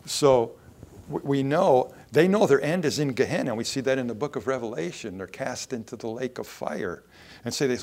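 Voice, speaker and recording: A man preaching a sermon at a mid-range pitch. He swings between quiet asides and forceful, raised lines of scripture. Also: normal speed. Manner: preaching with rising emphasis and quoted scripture. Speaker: pastor.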